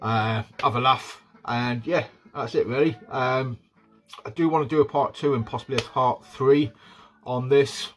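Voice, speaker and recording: A man hosting a casual wrestling podcast, talking in a relaxed, upbeat way with lots of fillers. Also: medium pitch, a little slow, rough recording. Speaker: podcast host.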